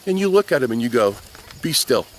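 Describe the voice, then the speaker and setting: Animated man teaching kids outdoors. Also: medium pitch, very fast, a little hiss or hum. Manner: animated, playful storyteller addressing kids. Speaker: Sunday school teacher. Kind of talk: children's Bible lesson. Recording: faint crickets outdoors.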